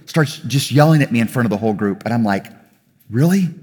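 Speaking fast at a medium pitch, a male pastor gives a conversational sermon to his congregation, getting louder and more emphatic with his points and correcting himself at times. The church hall holds an audience and the recording echoes.

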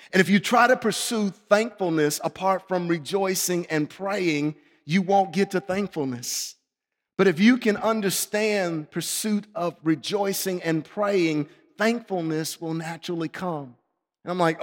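Impassioned high-voiced male preacher. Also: moderate pace, big-room sound. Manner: impassioned, swings from pleading to hushed. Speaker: pastor. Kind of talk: sermon.

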